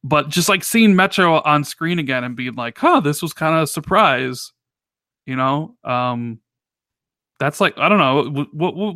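Podcast guy rambling on, kinda high voice, lots of "like" and restarts, dry mic. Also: no room sound. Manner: animated, rambling with many restarts and fillers. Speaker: podcast co-host. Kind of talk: casual podcast chat.

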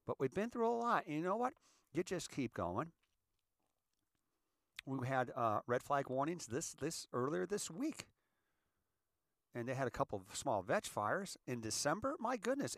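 A man's voice: fairly high pitch, big pitch swings, normal speed, pauses often, no room sound, studio quality. A middle-aged man from California talking in a casual, rambling monologue, acting out little scenes as he goes. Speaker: host.

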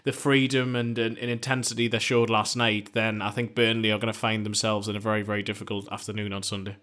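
A man's voice: on the low side, flat delivery, quick pace, a bit bright. A man, a football journalist, chatting on a podcast, often restarting and repeating words as he thinks. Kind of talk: casual football podcast chat.

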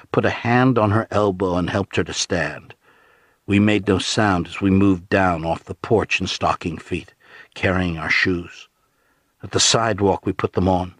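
Deep husky male narrator. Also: no room sound, clean studio sound. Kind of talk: audiobook narration.

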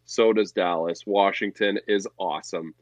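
A man's voice: low-pitched, fairly even intonation, normal speed, no room sound. A man co-hosting a casual sports betting podcast, talking bluntly and profanely in a ranting way. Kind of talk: casual chat.

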